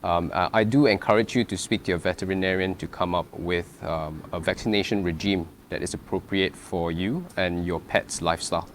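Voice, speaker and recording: Male veterinarian, calm and explanatory, very low voice, slight noise behind. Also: fairly quick, few pauses. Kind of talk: answering audience questions.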